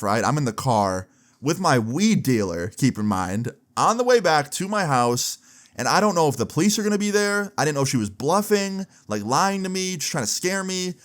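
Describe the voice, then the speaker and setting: Animated young man telling a story. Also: fairly high pitch. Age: teens. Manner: animated retelling, acts out quoted voices. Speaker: storytelling vlogger. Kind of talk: casual storytime.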